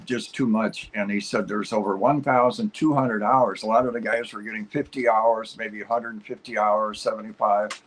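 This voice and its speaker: A man's voice: lowish voice, husky, poor audio. A man guest on a talk show, telling a long personal story in an upbeat, rambling way, full of fillers and restarts.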